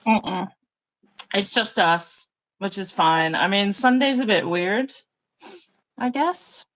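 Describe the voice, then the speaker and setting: A woman hosting a casual live craft session over a video call, chatty and relaxed, laughing often. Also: mid-range voice, slow pace, no echo, low-quality recording. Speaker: craft channel host. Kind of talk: casual live-stream chat while journaling. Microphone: phone or tablet mic over a video call.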